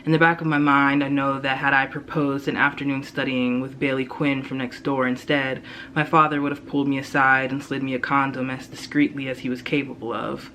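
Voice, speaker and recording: Young man, student reader, reading his fiction aloud, steady, low-key delivery. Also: a little hiss or hum, low-quality recording. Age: young adult.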